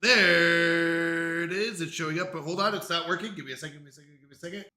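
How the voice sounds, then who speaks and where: A man's voice: a little high, very fast, sharp tone, roomy sound. A man live-streaming in casual chat, flustered and apologetic as he talks himself through technical trouble.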